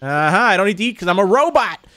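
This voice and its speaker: A young man hosting a horror game let's play, excitable and chatty, talking to his viewers and saying dude a lot. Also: high-pitched, quick pace, dry recording. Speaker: gaming channel host.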